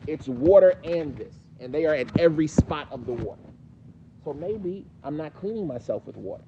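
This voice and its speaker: A man's voice: a little high, lively intonation, moderate pace, dull audio, noisy background. A man with a New York accent teaching a mosque class, questioning his students in a conversational way. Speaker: teacher explaining hadith.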